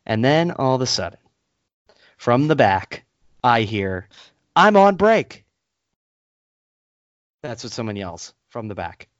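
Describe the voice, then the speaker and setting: Low-voiced man ranting through a story. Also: unhurried, no room sound. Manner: animated storyteller, acts out others in high voices. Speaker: podcast co-host. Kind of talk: casual storytelling rant. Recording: dull lo-fi, dry sound.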